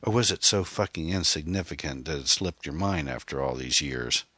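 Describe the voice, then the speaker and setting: A menacing male killer hisses and mocks in a hillbilly twang, as a man reads him. The voice is low and husky, pushed with a forceful edge. It is dry and close, like a studio audiobook. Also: moderate pace, no echo, exaggerated voice. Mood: mocking. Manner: hissing, taunting, hillbilly twang. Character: menacing male serial killer, sneering and leering.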